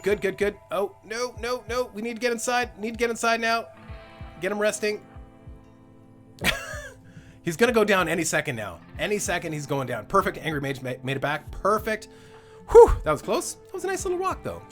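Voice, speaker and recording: Gleeful, animated young man streaming a game. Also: sits high. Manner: animated, gleeful, laughs often, darkly joking. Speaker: gaming livestreamer. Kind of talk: live gameplay commentary.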